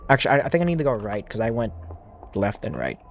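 A man talks his way through a creepy game in a loose, rambling flow full of restarts. His pitch swings widely, and soft music hums faintly behind him. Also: huge pitch swings, fast talker, creaky. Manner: rambling, self-talking, lots of fillers and restarts. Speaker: streamer playing a horror demo disc. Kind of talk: casual let's-play commentary.

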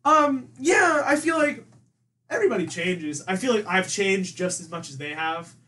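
A man's voice: lively intonation, moderate pace, pushed and bright. Young man rambling through a story. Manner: rambling, heavy use of "like", mimics his mom in a higher voice. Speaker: podcast guest. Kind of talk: casual storytelling chat. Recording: distant mic with faint ambient noise.

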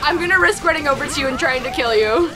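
A woman's voice: high voice, quick pace. A woman hosting a casual gameplay chat, dramatic with anxious exclamations, over game music. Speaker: host gaming.

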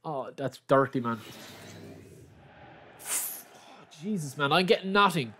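A little high with lively intonation, the streamer's voice has a sharp tone, and he takes it slowly. He has an Irish accent and comments live while opening player packs, repeating exclamations and calling his viewers lads, with slight background noise in the clip.

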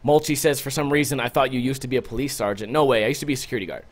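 A man's voice: medium pitch, very fast. A man hosting a casual podcast, telling a story in a loose, profane way and acting out the other people's lines. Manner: animated, profane storytelling with acted-out quotes. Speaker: podcast host.

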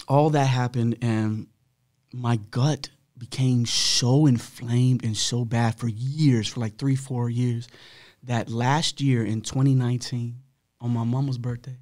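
A man's voice: medium pitch, a little mellow, dry recording, studio quality. A man as a podcast guest, telling his own story in a candid, blunt way, full of slang and swearing.

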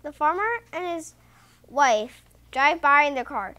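High, lively woman reading a storybook. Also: unhurried. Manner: expressive, sing-song storytelling. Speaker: children's book reader. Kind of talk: reading a picture book aloud.

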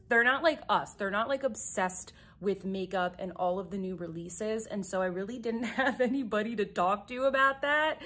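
A chatty young woman filming a relaxed get-ready-with-me video at home, talking straight to her viewers while she puts on her makeup. Her voice sits at an ordinary middle pitch, and she speaks with eager, friendly energy, as if catching up with friends. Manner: chatty, enthusiastic, talks while doing makeup. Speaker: beauty YouTuber.

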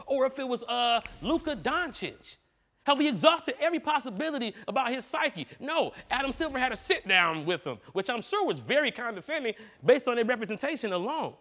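A man playing a defense attorney in an improvised comedy courtroom, arguing in a heated, animated and slangy way. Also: very high voice. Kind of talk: improvised comic courtroom argument.

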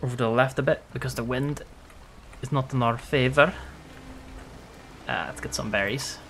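Playful gravelly male game streamer. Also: medium pitch, normal speed, fairly bright tone, slight background noise. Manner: playful, swears often, laughs a lot. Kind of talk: casual gameplay commentary.

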